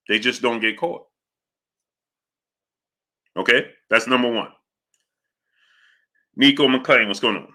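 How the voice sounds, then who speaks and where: A man talks boxing on a live stream and keeps greeting chat viewers by name between his points. His voice is very bright and forceful, sitting at an ordinary pitch. He keeps checking in with his audience as he argues. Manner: rapid shout-outs to chat viewers, repeats "you understand what I'm saying". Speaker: boxing talk show host. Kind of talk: live-stream commentary reading super chats.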